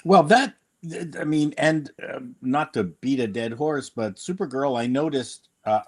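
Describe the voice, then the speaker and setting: A man's voice: medium pitch, measured pace, a little mellow, slightly rough. A man on a podcast panel, chatting casually in a rambling, hesitant way. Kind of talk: casual chat.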